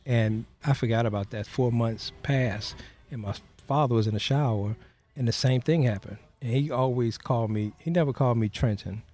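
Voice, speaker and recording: A man's voice: medium pitch, normal speed, darkish tone. A man being interviewed as a guest, telling a personal story in an earnest, plain-spoken way and acting out the voices of people in it.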